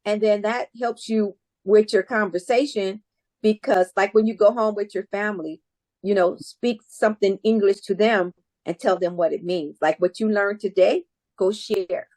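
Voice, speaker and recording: A woman's voice: medium pitch, fairly even intonation, moderate pace, darkish tone, no room sound. Casual, encouraging woman teacher. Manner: casual, encouraging, many "like" and restarts. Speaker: English teacher. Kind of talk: answering students' questions.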